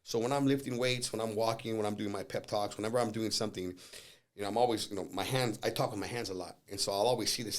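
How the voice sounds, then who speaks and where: A middle-aged man from Southern California, a podcast guest telling stories fast with plenty of swearing. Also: fairly low pitch, steady tone. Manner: fast storyteller, swears freely, acts out quoted voices. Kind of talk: casual chat.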